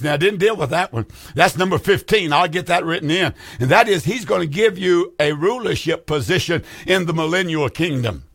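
A man's voice: a little high, expressive, a little fast, vocal fry, fairly bright tone, no echo, studio quality. A male pastor, preaching fervently on a radio call-in program in a sing-song drawl, repeating his rhetorical questions.

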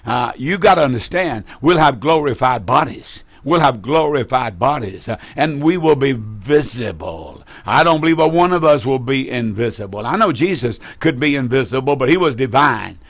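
A man's voice: medium pitch, animated, normal speed, hardly any pauses, dry recording. A man preaching fervently on a broadcast, repeating phrases for emphasis.

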